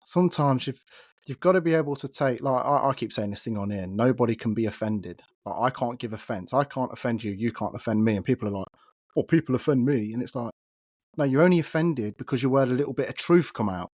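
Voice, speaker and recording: A chatty middle-aged man with an East Midlands English accent hosts a podcast interview. He talks in a loose, animated way, laughing often between his points. His voice sits at a middle pitch and is recorded dry and close. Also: fast, dry recording. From England. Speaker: podcast host. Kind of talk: casual interview chat.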